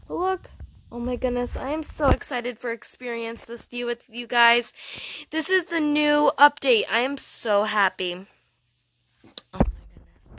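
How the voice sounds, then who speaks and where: A woman giving casual, excitable gameplay commentary, gushing and giggly as she thinks aloud. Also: on the high side, measured pace. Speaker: gaming channel host.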